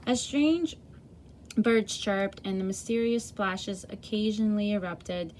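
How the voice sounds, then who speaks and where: A woman's voice: medium pitch, unhurried, a little mellow, slight background noise. A woman reading a chapter book aloud to children in a friendly way, with small slips and self-corrections.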